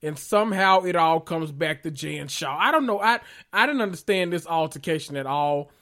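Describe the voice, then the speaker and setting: A man's voice: fairly high pitch, normal speed. Sassy man recapping reality TV. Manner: sassy, gossipy, expressive with frequent laughs. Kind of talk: casual commentary vlog.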